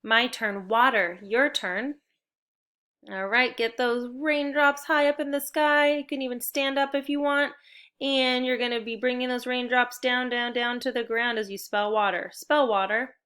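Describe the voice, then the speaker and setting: The upbeat woman teacher walks young children through a spelling lesson with clear, encouraging step-by-step directions. She speaks a little slowly, her slightly high, somewhat bright voice keeping fairly even intonation.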